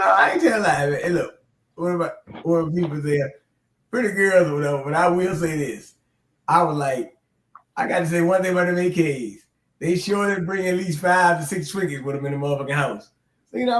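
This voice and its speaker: A middle-aged man spins a profane, animated story in loose conversation. His voice sits a little high for a man. The sound rings around an echoey room. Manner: animated, profane, laughs through his stories. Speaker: podcast co-host. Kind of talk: casual storytelling chat.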